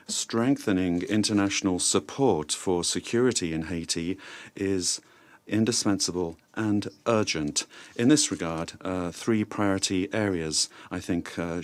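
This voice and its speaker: A man delivering a formal statement to a security council in a measured way, with frequent hesitations. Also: low voice. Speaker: speaker for France's delegation at the UN Security Council.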